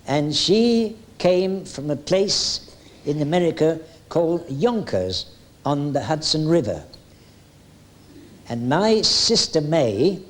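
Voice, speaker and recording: Older entertainer, somewhat high voice, chatty anecdotal storyteller with halting fillers. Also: male voice. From England. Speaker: veteran music hall entertainer. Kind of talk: anecdotal reminiscing.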